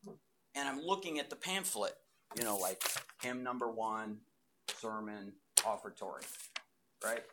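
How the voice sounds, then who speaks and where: A man in his fifties giving a testimony to a live audience in a church hall, telling his story with loud bursts and hushed asides. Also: lowish voice, unhurried, pauses often, very noisy.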